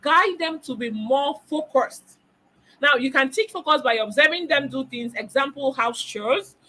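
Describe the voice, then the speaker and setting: A woman's voice: high voice, lively intonation, a little slow, pushed and bright, low-quality recording. A middle-aged woman teaching a parenting webinar, emphatic, repeating key phrases and asking rhetorical questions. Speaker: parenting coach.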